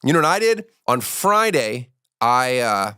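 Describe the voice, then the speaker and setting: A man in his forties hosts a comedy podcast, rambling through stories with restarts and crude jokes. His voice sits at an everyday middle pitch. The sound is close and dry, with no room around it. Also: big pitch swings, measured pace, pushed and bright, clean tone, no room sound. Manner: rambling, profane storytelling with restarts. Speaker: podcast host. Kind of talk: casual comedic chat.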